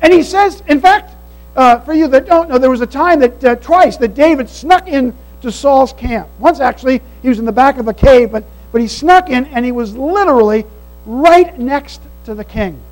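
Preacher, male, very high-pitched, earnest emphatic sermon delivery, faint hum on the recording. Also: expressive, moderate pace, faint music behind, rough recording. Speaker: pastor. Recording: mains hum behind the voice.

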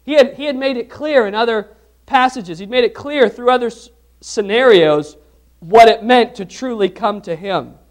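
A man's voice: very high voice, normal speed. A man preaching a sermon as pastor, asking the congregation questions and repeating phrases for emphasis.

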